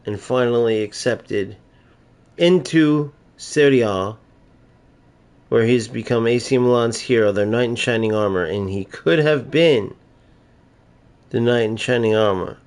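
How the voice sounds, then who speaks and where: An American man gives loose, talkative commentary over a football video game. He jokes and makes bold claims to his viewers. His voice sits at an ordinary middle pitch for a man. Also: a little slow, long pauses, darkish tone. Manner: talkative, joking, opinionated. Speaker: gaming streamer. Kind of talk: casual gameplay commentary.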